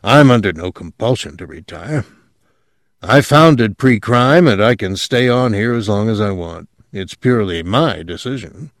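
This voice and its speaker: A man's voice: on the low side, lively intonation, unhurried, dry recording, studio quality. A man voicing an older male agency chief who speaks in a guarded, controlled way.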